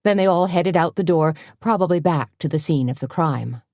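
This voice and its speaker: A woman narrating a cozy mystery audiobook in an even, measured storytelling voice on a close mic. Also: sits low, no echo. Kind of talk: scripted narration.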